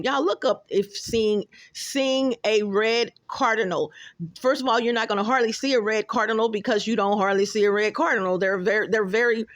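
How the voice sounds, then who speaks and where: A woman with a Texan accent rambling excitedly to her viewers in a casual phone vlog, often calling them y'all. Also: fairly high pitch, no room sound. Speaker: vlogger. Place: apartment and stairwell, indoors. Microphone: phone camera held close.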